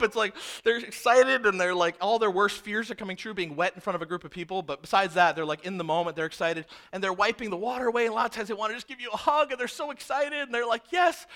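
A male pastor preaching a sermon, animated and acting out the people in the story. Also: high voice. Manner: animated, acts out characters.

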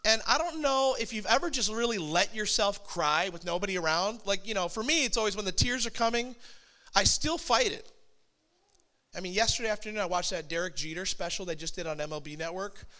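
Bright high-voiced storytelling pastor. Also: male voice, brisk. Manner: animated, self-deprecating storytelling with sudden high bursts. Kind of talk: sermon storytelling.

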